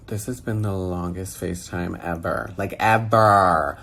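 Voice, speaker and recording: Husky-voiced man ranting in exasperation. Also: sits low, very animated, fairly bright tone. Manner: exasperated, rapid-fire rhetorical questions. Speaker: social media personality. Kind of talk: phone-recorded rant. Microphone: phone held close.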